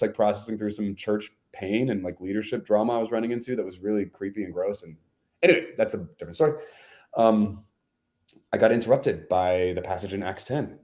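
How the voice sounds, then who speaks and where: Podcast guest, male, lowish voice, earnest storyteller, conversational, leans on fillers. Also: dark tone.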